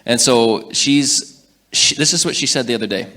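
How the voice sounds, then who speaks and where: A man in his thirties giving a leadership talk, telling animated stories about his young daughters. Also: mid-range voice, moderate pace. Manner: animated storyteller, acts out his daughters' lines. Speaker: leadership speaker.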